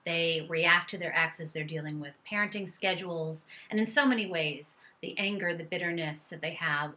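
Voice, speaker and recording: A woman's voice: lowish voice, sharp tone. A middle-aged woman therapist giving earnest, coaching advice straight to her viewers and sometimes voicing angry statements as examples. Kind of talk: direct-to-camera advice talk.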